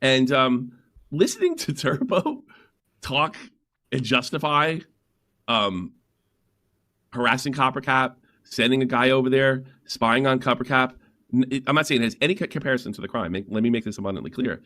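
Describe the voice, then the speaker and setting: A man hosting a live stream, rambling and animated as he tells a story. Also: medium pitch, normal speed. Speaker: stream host. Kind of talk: casual live-stream talk.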